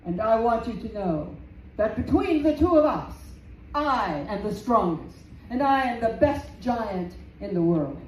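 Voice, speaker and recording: A woman playing a booming Irish giant hero. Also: very animated, measured pace, a little mellow. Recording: roomy, distant, faint background noise.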